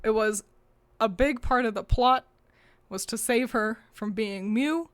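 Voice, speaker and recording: A woman's voice: fairly high pitch, clean tone. Chatty woman rambling with playful swearing. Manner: rambling, playful, swears casually, quick bursts of laughter. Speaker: podcast co-host. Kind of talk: casual chat.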